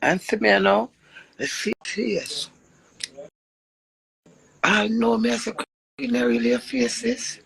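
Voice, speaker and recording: A woman's voice: on the high side, slow, gravelly, pauses often, slightly rough, no echo. A middle-aged Jamaican woman chatting casually on a live stream, telling stories and laughing often. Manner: animated storytelling with frequent laughs.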